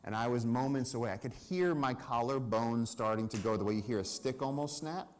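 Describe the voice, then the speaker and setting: A man giving a storytelling talk about wildlife on a summit stage to a live audience, animated and acting out the people he quotes. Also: mid-range voice, fairly quick. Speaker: conservation speaker.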